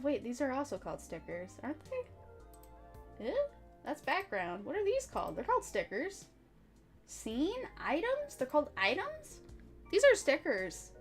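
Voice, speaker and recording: Bubbly young female streamer, chatty and scattered, slightly high with a very lively pitch; soft music underneath. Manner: bubbly, rambling, giggly, swings loud and soft. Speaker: VTuber streamer. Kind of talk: casual live-stream chat.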